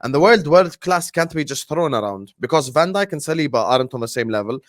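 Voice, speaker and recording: A man's voice: a little high, expressive, brisk, no echo, studio quality. A man arguing as a football podcast pundit in casual debate, emphatic and full of rhetorical questions.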